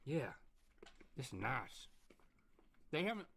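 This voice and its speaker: A man's voice: medium pitch, big pitch swings, takes it slowly, creaky, fairly bright tone. A man co-hosting a casual comedic chat, joking and teasing with open disbelief. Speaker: co-host.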